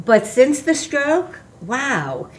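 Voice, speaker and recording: A woman's voice: high voice, sing-song, drawn-out words, a little hiss or hum. An older woman, a guest on a talk show, chatting and telling her story in a candid, storytelling way. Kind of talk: casual chat.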